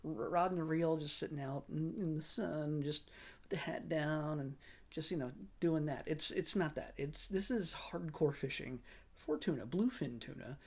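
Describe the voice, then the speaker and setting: A man's voice: on the high side, moderate pace, a little mellow, husky. A man hosting a casual commentary vlog, rambling through his review with self-corrections and chuckling asides. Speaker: show host reviewing a streaming series.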